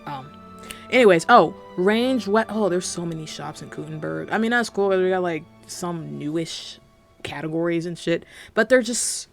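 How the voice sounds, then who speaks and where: A man's voice: high voice, animated, moderate pace, gravelly, soft background music. A young man giving a casual spoken game review, rambling and swearing, exasperated, full of fillers and restarts.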